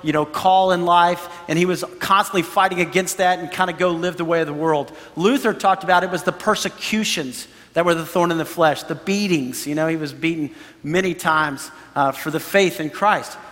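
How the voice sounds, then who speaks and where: A man's voice: fairly high pitch, moderate pace, a bit bright, in a large hall. A man preaching a sermon as pastor, talking to his congregation in a loose, conversational way. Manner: conversational preaching with frequent "you know" and "right?".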